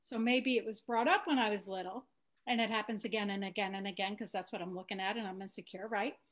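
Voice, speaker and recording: A woman talking in a calm, earnest, thoughtful way during a reflective podcast conversation. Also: mid-range voice, fast talker.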